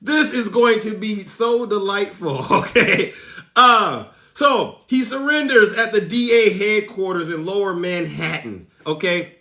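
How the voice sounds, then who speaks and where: Theatrical high-voiced man streaming live. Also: measured pace, pushed and bright, echoey room. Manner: theatrical, teasing, laughs often; greets viewers by name. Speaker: livestream host. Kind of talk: live commentary reading news.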